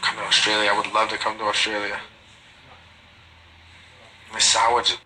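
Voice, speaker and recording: A man's voice: lowish voice, completely flat delivery, moderate pace, background noise. A man casually chatting on a phone livestream, reading viewer comments aloud and answering them in slangy, swearing talk. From Guatemalan family. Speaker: livestreaming reality TV personality.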